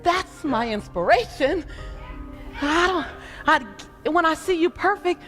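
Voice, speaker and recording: A woman speaks as a motivational speaker to a live crowd, her passionate, preaching delivery rising and falling in emphasis. Her pitch is extremely high, her intonation lively and her tone fairly bright, and she talks a little slowly. Soft music plays in the background.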